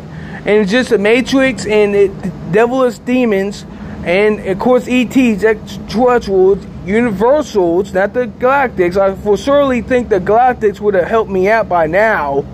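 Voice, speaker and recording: A man's voice: sits high, normal speed, slight background noise. A man rambling repetitively to camera outdoors, agitated and sleepy. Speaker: vlogger. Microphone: handheld camera.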